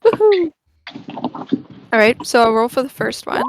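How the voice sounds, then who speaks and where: A woman taking part as a player in a tabletop game, talking through her moves in a deliberate way. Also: fairly high pitch, little pitch movement, slight background noise, low-quality recording.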